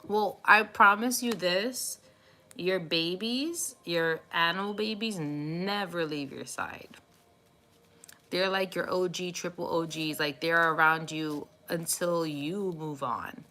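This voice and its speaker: A woman host chatting casually with viewers on a live stream, warm and cooing as she talks about cats. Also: fairly low pitch, slow. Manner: chatty and affectionate, cooing baby talk at her cat. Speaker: tarot reader live streaming.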